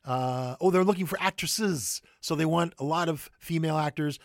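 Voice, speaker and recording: A man's voice: a little high, no room sound, clean studio sound. A man hosting theater announcements, reading them casually with many fillers and restarts. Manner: halting, many fillers and self-corrections. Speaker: theater news host.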